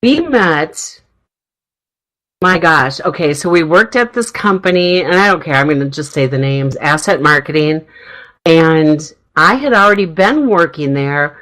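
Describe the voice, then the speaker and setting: A middle-aged woman hosts a radio talk show with a low, slightly hoarse voice. She rambles cheerfully, laughing as she goes, in loose casual chat. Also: lively intonation, unhurried, fairly bright tone, rough recording. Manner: chatty, rambling, laughs often. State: throat tickle, slightly hoarse.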